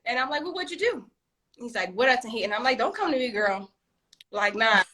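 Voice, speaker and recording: A woman co-hosting a casual chat, animated and frank, swearing freely and laughing often. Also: a little high, fairly quick. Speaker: podcast co-host.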